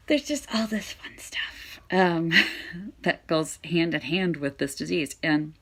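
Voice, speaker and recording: A woman with a hoarse voice that fades in and out, talking frankly and with exasperation to camera as a vlog host. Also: low-pitched, fairly bright tone. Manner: frank and exasperated, talks directly to viewers. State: hoarse, voice fading in and out. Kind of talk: candid talk to camera.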